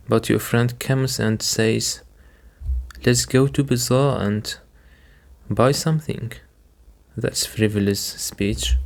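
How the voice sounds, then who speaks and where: A man's voice: lowish voice, vocal fry. A man teaching English vocabulary, patiently repeating each word and explaining it with simple examples. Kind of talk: slow, careful teaching.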